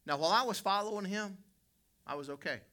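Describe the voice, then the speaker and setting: A middle-aged American man from West Virginia preaching, his voice very bright and forceful. He speaks straight to the congregation and drifts into a rambling personal anecdote, stopping to fix his own words. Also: high-pitched, fast talker. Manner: storytelling, self-correcting, addresses congregation directly.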